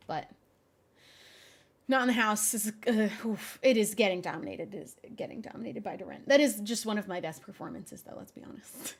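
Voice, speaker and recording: A young adult woman streaming, chatting casually with her viewers in an animated, often exasperated way and laughing a lot. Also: medium pitch. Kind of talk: casual live-stream chat.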